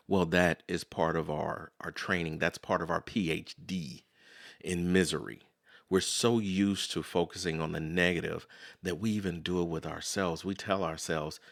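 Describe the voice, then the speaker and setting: A man gives a motivational self-help talk. His lowish voice carries a gravelly edge and swings through a lively pitch range. He talks conversationally, circling back with repeated phrases. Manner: conversational, repeats "so in other words"; acts out quoted voices. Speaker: podcast host.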